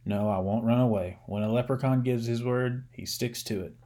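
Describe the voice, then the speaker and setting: A man's voice: medium pitch, steady tone, moderate pace, warm tone, a little hiss or hum, natural voice. A man reading a story aloud and voicing a small, sly, playful male leprechaun in a lilting, cheeky storybook voice. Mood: earnest.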